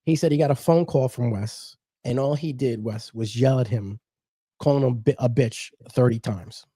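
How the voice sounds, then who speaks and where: Mellow laid-back male host. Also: medium pitch, normal speed, slightly rough, no room sound. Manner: laid-back, agreeable backchannels. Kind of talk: casual chat, reading viewer comments.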